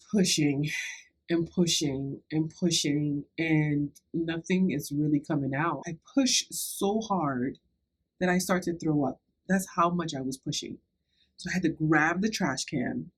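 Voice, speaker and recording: A young woman vlogger casually telling a personal story to camera, animated and laughing as she acts out what people said. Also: deep voice, husky. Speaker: beauty vlogger.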